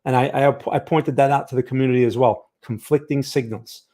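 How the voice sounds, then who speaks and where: A man's voice: medium pitch, steady tone, a little fast, warm tone. A man teaching a casual live chart lesson as a stream host, conversational and often checking in with his viewers. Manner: conversational, keeps checking in with "okay?" and "right?". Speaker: trading educator and livestream host.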